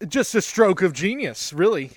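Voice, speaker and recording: A man's voice: sits high, very animated, moderate pace, no room sound, studio quality. A young man co-hosting a podcast, recapping a movie in casual, sarcastic chat and swearing now and then. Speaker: podcast co-host.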